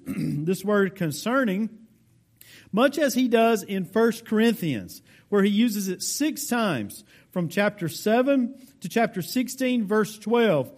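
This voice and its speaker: A man's voice: sits high, a little mellow. A pastor from the United States giving a verse-by-verse teaching sermon. He explains with care, lands hard on key words, and speaks straight to his congregation. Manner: deliberate, explanatory, stresses key words emphatically.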